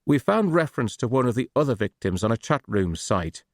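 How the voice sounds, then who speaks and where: A man voicing a male police detective who asks measured, probing questions in an audiobook. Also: medium pitch, sing-song, no echo, studio quality.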